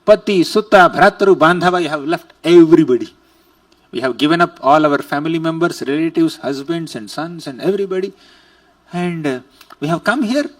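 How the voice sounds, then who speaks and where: A man's voice: on the high side, brisk, recorded from a distance, lightly acted. A man voicing devoted young village women reproaching their god in a pleading tone, within a scripture lecture. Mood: reproachful.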